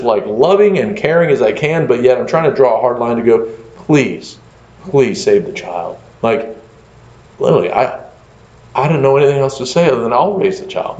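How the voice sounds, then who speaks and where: A man, a pastor, telling a story in a conversational lecture, animated and full of fillers like "like" and "you know". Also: medium pitch. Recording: echoey room, dull lo-fi sound.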